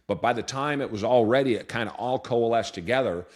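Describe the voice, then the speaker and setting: A man's voice: medium pitch, fairly quick. A man in his fifties from Portland, Oregon, a business owner telling candid, earnest stories in an interview, often restarting his sentences. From Portland, Oregon, USA. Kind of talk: reflective storytelling interview answer.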